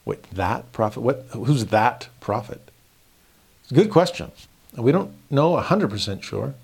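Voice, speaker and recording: A man giving a casual scripture lesson, animated and acting out the dialogue in quick voices. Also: medium pitch, gravelly, husky. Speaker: scripture teacher.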